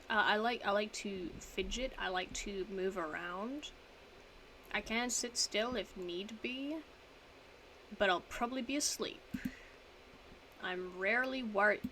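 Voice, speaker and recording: A woman's voice: mid-range voice, takes it slowly, pauses often, pushed and bright, slight background noise, low-quality recording. A young woman streaming from home, chatting casually as she reads quiz statements aloud and answers them in a rambling, self-mocking way.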